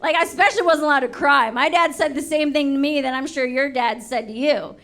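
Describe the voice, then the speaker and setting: A woman's voice: high-pitched, a bit bright. Brash young woman doing stand-up. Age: young adult. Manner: brash, swearing, quick shifts into acted voices. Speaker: stand-up comedian. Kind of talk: stand-up comedy set. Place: comedy show before a laughing audience. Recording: live show with audience noise.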